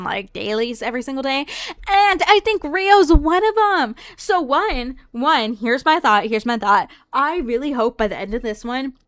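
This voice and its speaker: Young woman from the American South, streamer doing casual gameplay commentary; higher-pitched, smooth clear voice, dry close sound, chatty and rambling. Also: a bit bright, no room sound. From Southern United States. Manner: chatty and rambling, often trailing off and restarting.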